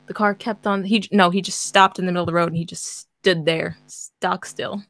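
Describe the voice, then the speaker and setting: A woman's voice: on the low side, steady tone, brisk, vocal fry, a bit bright, dry recording. A woman host reading a story aloud in casual chat, breaking off into sarcastic, laughing commentary.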